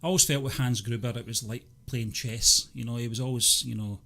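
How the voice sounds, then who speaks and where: A man's voice: medium pitch, steady tone, fairly quick, creaky, pushed and bright. A man co-hosting a movie review podcast, speaking hesitantly with lots of fillers. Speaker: podcast co-host. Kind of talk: casual movie review chat.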